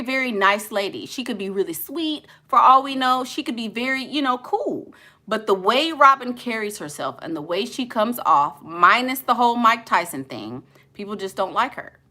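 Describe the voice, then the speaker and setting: A woman's voice: medium pitch, bright, forceful tone. A woman vlogger answering viewer questions in blunt, sassy casual chat full of slangy asides.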